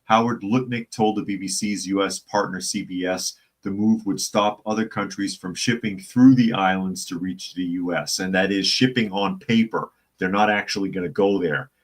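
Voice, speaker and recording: Brief: man, low deep voice, casual news host, chatty, reads articles aloud and greets the chat.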